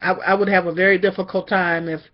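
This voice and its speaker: A middle-aged man venting in a personal monologue, halting and repeating words, weary and discouraged. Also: sits high, little pitch movement, lo-fi sound. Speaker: vlogger.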